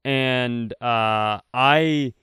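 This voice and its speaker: A man's voice: medium pitch, extremely slow, smooth, dry recording, studio quality. A middle-aged man, a comedian co-hosting a podcast, telling a story casually, acting out quotes with plenty of fillers. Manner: animated, acts out quotes with fillers.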